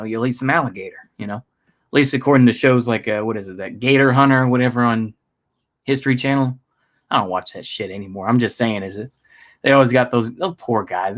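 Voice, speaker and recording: An American man giving a casual, rambling political monologue. He is self-deprecating and uses lots of fillers. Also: medium pitch. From United States. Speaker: political vlogger.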